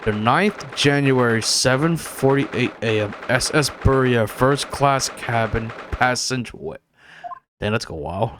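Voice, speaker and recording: A man's voice: medium pitch, expressive, a little slow, noisy background. A man casually commenting on a visual novel he is playing, swearing and joking at himself. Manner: casual, swears, self-mocking. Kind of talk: casual let's play commentary.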